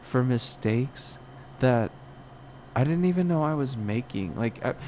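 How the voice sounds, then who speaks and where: A man's voice: medium pitch, expressive, a little slow, dark tone, slight background noise. A young man talking alone on a podcast in a rambling, self-questioning way, full of restarts and fillers. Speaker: podcast host. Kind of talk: personal reflective monologue.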